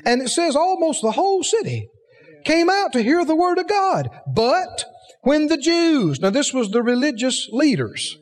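A man's voice: very high voice, big pitch swings, moderate pace, big-room sound. A man preaching a sermon, emphatic, asking the congregation rhetorical questions.

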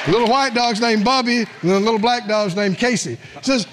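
A man's voice: very high-pitched, a little fast, few pauses, crowd noise, background noise. A man preaching a sermon as pastor, folksy, calling on the congregation to respond.

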